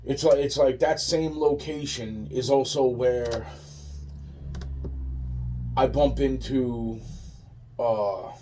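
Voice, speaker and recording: A man's voice: medium pitch, slow, pauses often, a little mellow, slight background noise. Rambling, profane man, far from mic. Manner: profane, rambling, restarts often. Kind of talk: rambling monologue.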